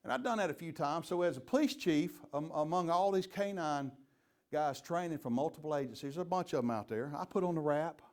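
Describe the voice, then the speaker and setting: A middle-aged man leads a police leadership training. He speaks in a slightly high voice as a folksy, joking storyteller. He mixes anecdotes with plain lessons. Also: lively intonation, a little fast, darkish tone. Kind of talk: leadership training talk with stories.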